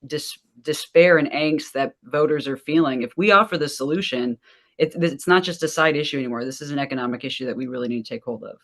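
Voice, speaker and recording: A woman's voice: sits low, fast, fairly bright tone. A woman political strategist giving an earnest opinion as a panel guest. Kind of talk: panel discussion.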